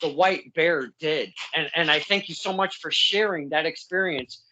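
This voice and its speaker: A man's voice: on the high side, moderate pace, highs cut off, background noise. A man hosting a casual interview, effusive and heartfelt, rambling with many restarts. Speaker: podcast host.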